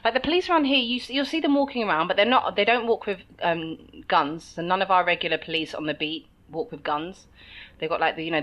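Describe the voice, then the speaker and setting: Her voice is lowish but fairly bright, carrying a London English accent. This English podcast co-host keeps things casual, laughing frequently as she chats.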